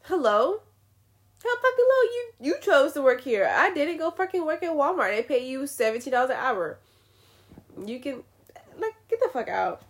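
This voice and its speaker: A woman's voice: sits high, moderate pace, husky. A young woman giving blunt, profane opinions in a casual rant to the camera. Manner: blunt, swearing, animated ranting. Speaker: vlogger.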